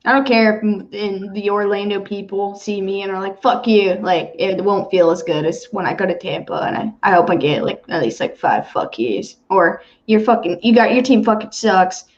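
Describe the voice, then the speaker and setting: A woman co-hosting a casual sports chat, animated, swearing freely and laughing often. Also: mid-range voice, normal speed, few pauses. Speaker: podcast co-host. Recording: dull lo-fi sound.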